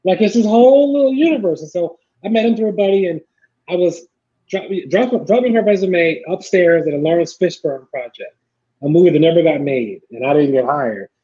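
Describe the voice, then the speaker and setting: A middle-aged man telling stories in a casual chat, acting out the people he quotes in lively voices. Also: high-pitched, brisk. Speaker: podcast guest, filmmaker. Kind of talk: casual storytelling. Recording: dull lo-fi sound.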